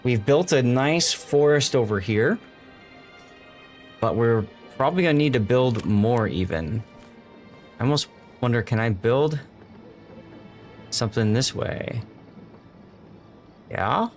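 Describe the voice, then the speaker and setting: A man's voice: medium pitch, expressive, takes it slowly, long pauses, soft background music. A man live-streaming a city-building game, thinking aloud and greeting his chat as he plays. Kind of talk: casual live-stream gameplay commentary.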